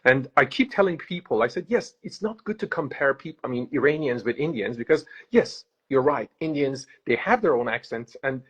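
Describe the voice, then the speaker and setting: A man's voice: medium pitch, expressive, moderate pace, hardly any pauses, a bit bright, slightly rough, dull audio. Hesitant American man hosting an interview. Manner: hesitant, many filler sounds. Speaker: host. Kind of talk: casual interview.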